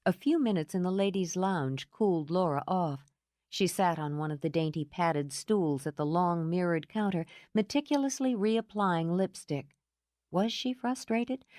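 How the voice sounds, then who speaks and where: Ekspresyjna lektorka, suche studyjne nagranie. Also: female voice, fairly low pitch, a little mellow, no echo, studio quality. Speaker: audiobook narrator. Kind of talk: scripted narration.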